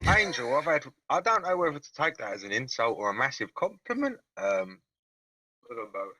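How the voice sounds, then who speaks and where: A man's voice: medium pitch, sing-song, moderate pace, bright, forceful tone, no echo. A man with a non-American accent on a video call, joking and playing mock-indignant. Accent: non-American, British-sounding. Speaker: caller. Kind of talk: casual chat. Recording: noisy call line.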